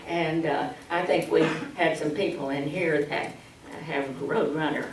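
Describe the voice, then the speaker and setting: A woman presenting a public speaking workshop, slow, humorous and instructive, heard from a distance in an echoey hall. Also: low-pitched. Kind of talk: public speaking training demo. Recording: distant mic in an echoey hall, faint hiss.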